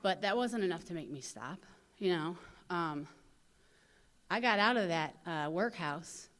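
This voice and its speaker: A woman in her thirties with a St. gives a personal recovery testimony at a convention. She talks candidly in a slightly low voice and tells her story in an animated way, leaning on "you know" as she goes. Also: a little slow. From St. Louis, USA.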